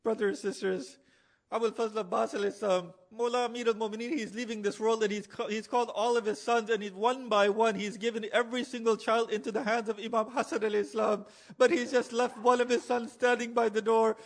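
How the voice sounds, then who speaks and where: A man's voice: very high-pitched, level tone, fast. A man narrating a mourning sermon with impassioned, emotional delivery, at times rising to cries. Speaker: majlis speaker. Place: religious center hall.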